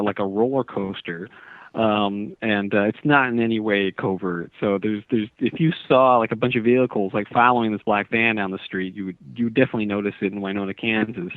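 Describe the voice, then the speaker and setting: This author speaks at medium pitch with no echo, calling in by phone to a radio interview. The line is tinny and dry. His long story meanders earnestly, with frequent restarts.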